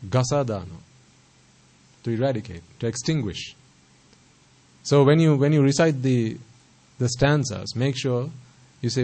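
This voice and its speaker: A man's voice: mid-range voice, lively intonation, normal speed, darkish tone, poor audio. Male Buddhist teacher, mid-range voice, sermon delivery, rhetorical and emphatic. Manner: rhetorical questions, repeats phrases for emphasis; stresses pronunciation carefully.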